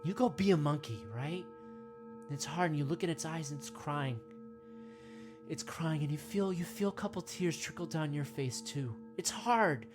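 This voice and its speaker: Low-voiced woman as a mock meditation guide: soothing, slow, rambling. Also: music in the background.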